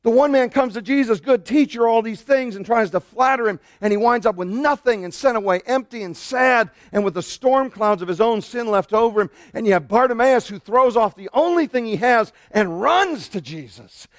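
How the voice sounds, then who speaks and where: A middle-aged man, a pastor, preaching a lively sermon and shouting out the lines he quotes. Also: extremely high pitch, normal speed, hardly any pauses, no echo, clean studio sound.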